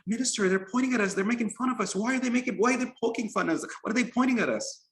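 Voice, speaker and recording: A man voicing a young prince, a small boy who pleads anxiously in a high voice. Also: rapid-fire, a bit bright. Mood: upset. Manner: high, pleading, rising in alarm. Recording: roomy echo.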